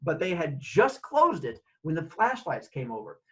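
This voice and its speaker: A man tells a personal story in a casual, animated way, with his voice swinging up and down as he acts out each line of dialogue. He sits a bit higher than most men's voices. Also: normal speed, rough recording. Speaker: host.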